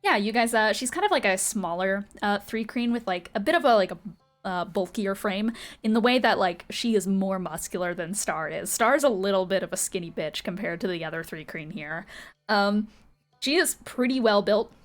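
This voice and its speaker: A woman's voice: mid-range voice, moderate pace, soft background music. A woman narrating as game master of a tabletop game in a casual, rambling way full of fillers.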